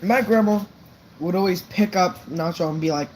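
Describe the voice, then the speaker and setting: A man's voice: a little high, lively intonation, brisk, darkish tone, breathy edge. A young man casually telling a true story on a live stream, rambling and swearing, with lots of "right?" fillers.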